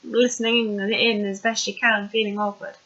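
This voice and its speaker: Bright-voiced chatty woman, lo-fi. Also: mid-range voice, little pitch movement, normal speed. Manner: chatty and rambling, many fillers. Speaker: TV episode recapper. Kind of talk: casual video recap.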